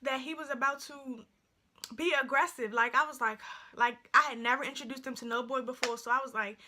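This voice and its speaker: A woman's voice: high voice, fairly even intonation, a little fast, sharp tone. A young woman telling a story in a casual vlog, chatty and full of fillers. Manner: chatty, filler-heavy storytelling with many likes. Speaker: vlogger.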